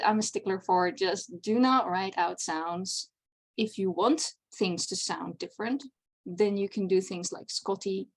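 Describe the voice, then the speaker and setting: A woman, a non-native English speaker, giving a chatty convention panel talk on writing, with many fillers and restarts. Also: medium pitch. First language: not English. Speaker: panel presenter.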